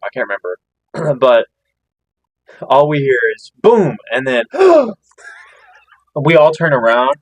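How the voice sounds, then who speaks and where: A man's voice: mid-range voice, dry recording, rough recording. A man co-hosting a hunting podcast, chatting in an easygoing way and laughing often. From Missouri. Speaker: podcast co-host. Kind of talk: casual chat.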